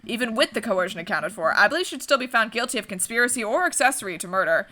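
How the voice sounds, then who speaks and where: A principled male bird prosecutor from a courtroom game reflects in a measured, formal way, read aloud by a woman. The voice is bright. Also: a little high, expressive, faint music behind.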